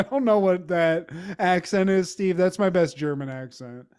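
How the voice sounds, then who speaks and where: A man co-hosts a casual podcast and recaps a TV episode. His voice sits a little high. He talks in a loose, rambling way, full of fillers and swearing. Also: normal speed, few pauses, a little mellow, smooth. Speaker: podcast co-host.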